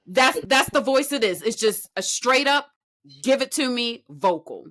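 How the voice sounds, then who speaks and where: An enthusiastic woman co-hosts a casual podcast. Her voice is bright and fairly high, and she stresses her words emphatically. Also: expressive, unhurried. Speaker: podcast co-host. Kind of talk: casual reaction chat.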